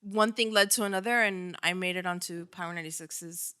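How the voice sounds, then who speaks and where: A middle-aged woman from Hialeah with a South Florida Miami accent, a radio personality chatting as a podcast guest, quick and animated and swearing freely. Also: fairly low pitch, smooth. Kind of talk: casual interview chat.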